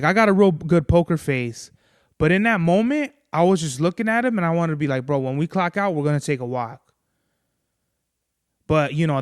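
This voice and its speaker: A man's voice: a little high, clear, resonant tone, dry recording, clean studio sound. A man hosting a podcast, telling a long, rambling story in casual, profane chat. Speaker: podcast host.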